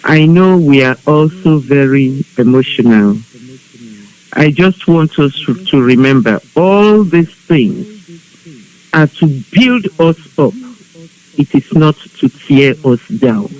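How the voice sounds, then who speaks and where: Earnest woman appealing calmly. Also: low voice, poor audio. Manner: earnest, measured, proverb-quoting. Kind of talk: calm appeal to a group. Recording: live online broadcast with hiss.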